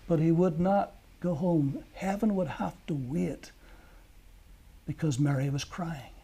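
A man preaching a sermon, telling stories earnestly and moving between emphatic peaks and hushed lines. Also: a little high, slow, long pauses, breathy edge.

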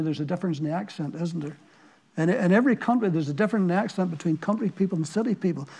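A man's voice: sits high, warm tone. A man with a Northern Irish accent preaching a sermon, telling stories and asking the listeners earnest rhetorical questions. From Northern Ireland.

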